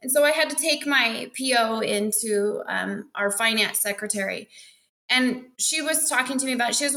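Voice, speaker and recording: A woman's voice: on the high side, normal speed, pushed and bright. A woman teacher from Montana, chatting casually as a podcast guest, self-deprecating and laughing often as she acts out bits of dialogue. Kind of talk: casual interview chat.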